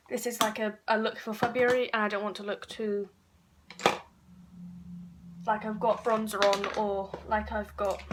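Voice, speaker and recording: A woman's voice: a little high, background noise. Chatty woman doing a makeup tutorial. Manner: chatty, with frequent fillers and self-corrections. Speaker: beauty vlogger.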